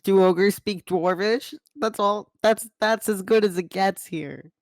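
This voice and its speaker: A woman's voice: medium pitch, steady tone, a little slow, darkish tone, no room sound, clean studio sound. A woman playing a tabletop game, speaking hesitantly and unsure of what to do. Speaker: player. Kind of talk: casual game chat.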